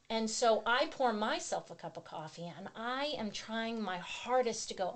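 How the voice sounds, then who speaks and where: Middle-aged woman, podcast guest, personal testimony, vivid storytelling, acts out her own past words, mid-pitched voice. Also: expressive, normal speed, hardly any pauses.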